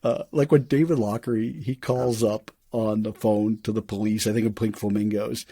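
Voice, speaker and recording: A man hosting a podcast in casual chat, retelling scenes with lively enthusiasm. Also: on the low side, normal speed, slightly rough, no room sound, studio quality. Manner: animated storyteller who acts out quotes and laughs often. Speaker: podcast host.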